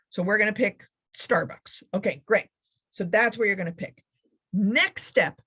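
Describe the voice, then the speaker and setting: Sarcastic, funny woman giving a keynote. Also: mid-range voice. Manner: sarcastic, funny, animated delivery. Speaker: keynote speaker. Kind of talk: motivational keynote talk.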